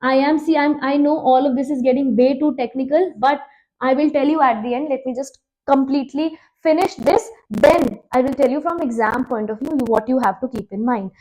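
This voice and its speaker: High-voiced Indian English woman teaching. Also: mellow. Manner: quizzing, repeats key facts, slows to stress terms. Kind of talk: exam-prep lecture at a board.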